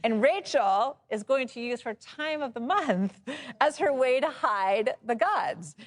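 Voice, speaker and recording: A woman in her thirties leads a relaxed Bible lesson in a fairly high voice that swings freely up and down. She talks in a chatty, expressive way and laughs often as she explains. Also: slow pace. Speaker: Bible study teacher. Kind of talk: casual Bible teaching.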